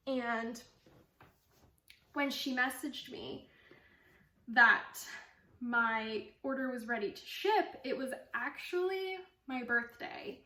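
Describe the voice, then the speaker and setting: A woman's voice: fairly high pitch, slow, pauses often, pushed and bright, recorded from a distance, a little hiss or hum. A young woman hosting a knitting podcast from home, chatting casually and gushing, with lots of fillers. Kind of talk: casual chat to camera. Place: at home with her dog. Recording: echoey room, voice off-mic.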